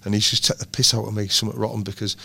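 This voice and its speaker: A man, a band's songwriter, telling lively anecdotes in casual chat, swearing and laughing often. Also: fairly low pitch, racing, vocal fry, slightly rough. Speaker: songwriter in a band, guest.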